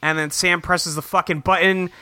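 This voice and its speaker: A man co-hosting a casual podcast chat, recapping a cartoon and acting out the characters' lines in quick put-on voices, swearing freely. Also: high voice, steady tone, sharp tone, smooth, dry recording. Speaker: podcast co-host.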